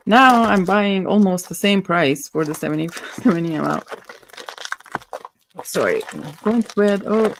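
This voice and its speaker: Hosting a relaxed perfume livestream, a woman with a medium-pitched voice reviews fragrances over a slight hiss or hum in the audio. She giggles, acts a little silly, and chats playfully with viewers while thinking aloud about scents.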